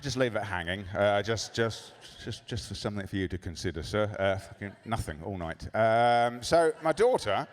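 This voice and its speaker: A man doing a stand-up comedy set in a club, sardonic and profane with deadpan asides. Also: on the low side, moderate pace, hardly any pauses.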